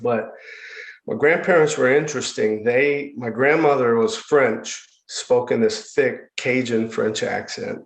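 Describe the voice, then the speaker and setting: A man as a podcast guest, telling his personal story in an earnest, reflective way, often halting and repeating words. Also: mid-range voice, creaky. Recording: echoey room.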